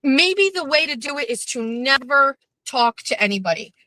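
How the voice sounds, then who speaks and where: A woman's voice: high-pitched, lively intonation, moderate pace, sharp tone, no echo, low-quality recording. A middle-aged woman hosting her own show, venting bluntly and profanely in a rambling monologue from her parked car. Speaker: host.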